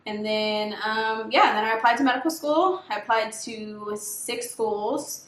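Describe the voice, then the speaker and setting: A woman's voice: mid-range voice, moderate pace. A woman in her twenties, a medical student chatting casually with friends and acting out her own past remarks as she tells stories. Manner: chatty storyteller who acts out her own past quotes. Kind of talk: casual chat. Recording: echoey room.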